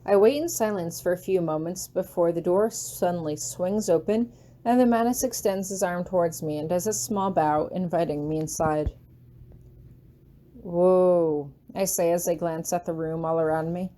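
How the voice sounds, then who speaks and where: A woman narrating a fanfiction audiobook in an expressive first-person storytelling manner. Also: fairly low pitch, moderate pace. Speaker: audiobook reader.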